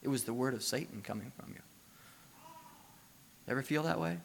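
A man's voice: mid-range voice, moderate pace, gravelly, slight background noise. A middle-aged man, a pastor, preaching a sermon in a conversational way, asking the listeners questions and building to emphatic passages.

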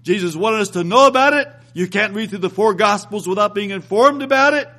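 A man with a notably high voice delivers a sermon, reading old scripture aloud between his own remarks. He hammers his points with repeated phrases, climbing higher and slowing down on the key lines. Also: pushed and bright. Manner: reads scripture aloud, rises and slows for emphasis. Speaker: preacher.

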